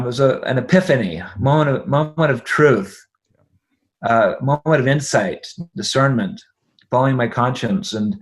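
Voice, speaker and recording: A middle-aged man, a guest on a podcast, tells a personal story at an everyday pitch. He is animated, voices the other people in it and laughs as he goes. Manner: animated, acts out quoted dialogue, laughs often. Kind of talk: conversational storytelling.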